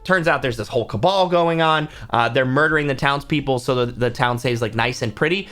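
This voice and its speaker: A man's voice: medium pitch, brisk, a bit bright. A man, a book channel host and author, talking casually to camera and acting out reactions with gasps and whispers. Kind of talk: casual talk to camera about films.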